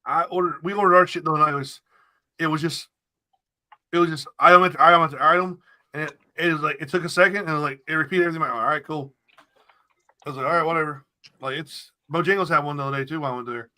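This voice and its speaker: Podcast co-host, man, fast and bright, loose and profane. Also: a little high, fairly even intonation. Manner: rambling, repeats phrases, swears freely. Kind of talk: casual podcast banter.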